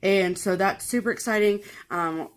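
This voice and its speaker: A woman's voice: mid-range voice, moderate pace, slight background noise. A woman co-hosting a cross-stitch channel in casual chat, sentimental and talkative, running through long lists of things.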